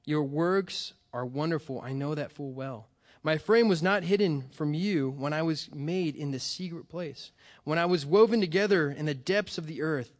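A man preaching a sermon, earnest and halting with frequent restarts, telling a family story. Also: a little high. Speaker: pastor.

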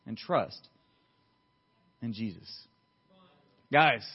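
A man preaching a sermon in church, swinging between loud emphatic lines and quiet low asides. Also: animated, a little slow, pauses often, slightly rough, muffled recording. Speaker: pastor. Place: church sanctuary.

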